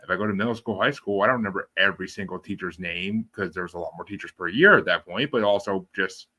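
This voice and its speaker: A man's voice: sits low, quick pace, sharp tone. A young adult man hosting a casual interview, talking loosely, swearing offhand and laughing often. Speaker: podcast host.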